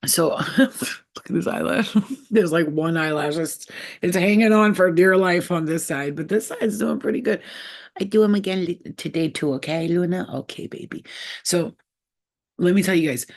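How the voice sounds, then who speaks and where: A woman's voice: on the low side, moderate pace. Chatty slangy woman vlogging on a laptop. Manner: chatty, slangy, laughs often. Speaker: psychic medium. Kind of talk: casual vlog storytelling. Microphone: laptop built-in camera mic.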